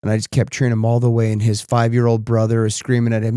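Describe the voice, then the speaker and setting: This podcast host, a man in his thirties, speaks in a mid-range, mellow, clean voice that stays monotone and moves quickly with few pauses. The studio recording has no room sound. His reflective personal story turns emotional, and he becomes tearful while telling it.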